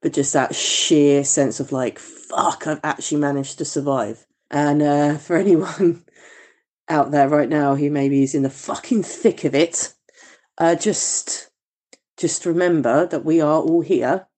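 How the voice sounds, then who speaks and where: A woman's voice: sits low, slow pace, dark tone. A woman leaving a heartfelt, emotional voice message to a podcast, swearing now and then.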